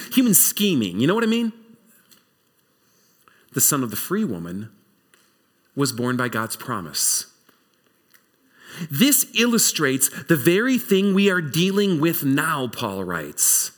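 Animated male preacher telling a story. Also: a little high, measured pace. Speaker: pastor. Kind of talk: sermon.

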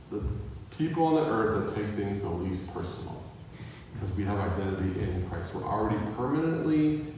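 Preaching in a fairly low, darkish voice, this pastor keeps his sermon casual and keeps asking the congregation questions. The sound comes from far off in a reverberant hall, with a little hiss or hum.

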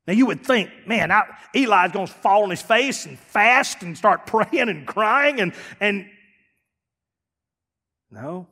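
A man preaching a sermon as pastor, swinging from loud emphatic lines to hushed, dropped phrases. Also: high-pitched, expressive, slow pace, long reverb tail.

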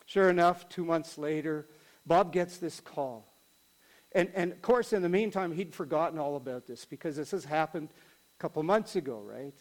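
A man with a high voice tells a sermon story. He keeps it conversational and animated, like a storyteller leaning into each turn of the tale. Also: moderate pace, rough recording. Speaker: pastor.

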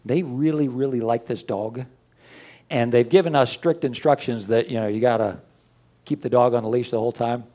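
An older man preaching as a pastor, conversational and folksy, with asides and a lively rise and fall. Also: normal speed. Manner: lively, often rising in pitch and loudness. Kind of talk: sermon.

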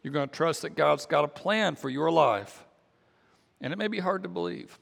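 A man, a pastor, preaching a sermon in a relaxed conversational way, often restarting and repeating his words. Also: a little high, normal speed, gravelly, in a large hall. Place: church sanctuary.

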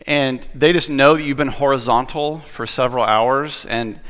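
A man's voice: medium pitch, steady tone, normal speed, a bit bright. A man preaching as a pastor in a casual, conversational sermon, chatty and self-deprecating, with lots of fillers and restarts. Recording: long hall reverb.

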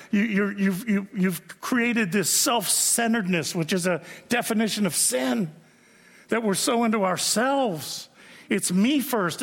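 A male pastor with a notably high voice delivers a sermon in a chatty, story-driven way, often tossing in quick asides to the room. His voice trails off into the long reverb of a large hall. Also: a bit bright. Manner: conversational storytelling, frequent "right?" asides. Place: church sanctuary.

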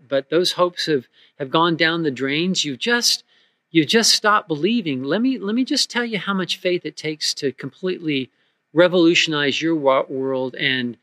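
A middle-aged man preaches with earnest force and keeps doubling back on his words. His voice sits high and bright for a man, and the recording is close and dry, with no room around it. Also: dry recording. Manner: earnest, emphatic preaching with frequent repeated words. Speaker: pastor. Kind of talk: sermon.

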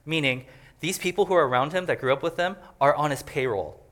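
A man's voice: on the high side, brisk, fairly bright tone. A man preaching a conversational sermon as a pastor, joking and chatty as he explains a passage. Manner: joking and chatty, laughs often.

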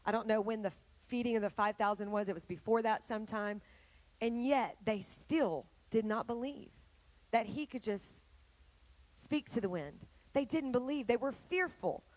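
Woman preaching a lively sermon. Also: medium pitch, dry recording, low-quality recording. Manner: animated storytelling, addressing the congregation directly.

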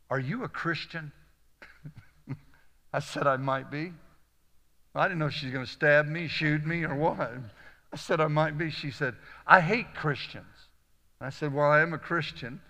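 A man preaching to a live audience, telling folksy stories with a Southern "y'all" and lively, animated delivery. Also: fairly high pitch, big-room sound. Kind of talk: storytelling sermon.

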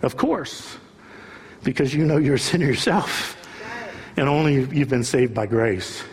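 A man's voice: mid-range voice, animated, a little slow, slightly rough. A male pastor preaching an impassioned sermon, building at times to a raised voice. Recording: long reverb of a large hall.

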